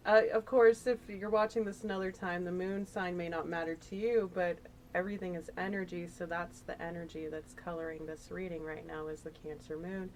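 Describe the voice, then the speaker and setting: A woman's voice: lowish voice, fairly even intonation, fairly quick, slight background noise, low-quality recording. A woman giving a casual, chatty tarot reading, rambling and emotional as she talks through the cards. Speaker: tarot reader.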